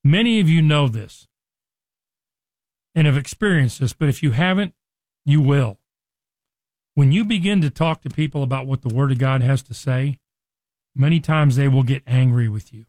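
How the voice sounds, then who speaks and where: A man's voice: mid-range voice, expressive, normal speed, long pauses, darkish tone, no room sound. A man teaching a sermon on a Christian radio show, earnest and conversational, now and then acting out the people in the story. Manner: earnest, acts out quoted speech with rising emphasis.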